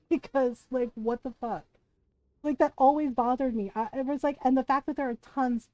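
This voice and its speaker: High-voiced woman ranting heatedly. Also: dark tone, dry recording, poor audio. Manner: heated, profane ranting with frequent laughs. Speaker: game streamer. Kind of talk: casual chat while livestreaming.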